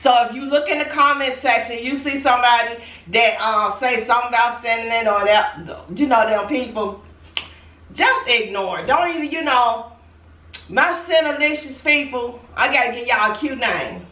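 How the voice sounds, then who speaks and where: A woman's voice: on the high side, normal speed, sharp tone, slight background noise. A pregnant young woman chatting casually and sassily to her viewers in a food challenge vlog. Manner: chatty, sassy, talks straight to viewers. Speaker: vlogger. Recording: echoey room, mic at a distance.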